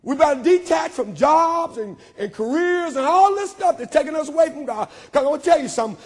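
A man's voice: very high-pitched, expressive, brisk, hardly any pauses. A man preaching a sermon as pastor, repeating lines in call-and-response style. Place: church sanctuary. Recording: long church hall reverb.

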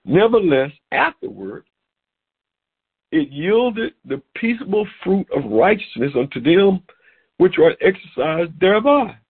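Middle-aged preacher man on a phone call, raspy gravelly voice, tinny line. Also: high-pitched, measured pace. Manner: animated, repeats words, breaks into laughter. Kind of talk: sermon.

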